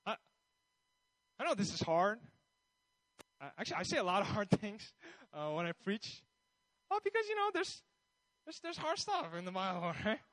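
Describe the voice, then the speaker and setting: A man's voice: high voice, big pitch swings, normal speed, pauses often, a bit bright, no echo, rough recording. A man preaching a sermon in a conversational way, often restarting his sentences and checking in with his listeners. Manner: conversational, with many restarts and asides. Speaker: pastor.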